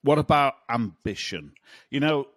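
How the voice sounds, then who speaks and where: A man hosting a podcast, quizzing his co-host in a playful, expressive way. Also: mid-range voice, measured pace, dry recording, clean studio sound. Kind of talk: casual interviewing chat.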